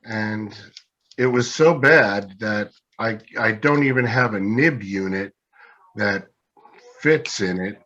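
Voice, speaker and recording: A man's voice: lowish voice, takes it slowly, sharp tone, highs cut off. A man as an interview guest and pen maker, telling anecdotes in a casual, self-deprecating way and acting out what others said. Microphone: video call.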